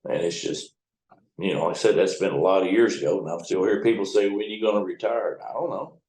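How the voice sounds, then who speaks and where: Middle-aged man, riverboat captain, low voice, blunt and profane, rambling anecdotes, echoey room. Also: fast talker, a little mellow. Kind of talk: casual storytelling in an interview.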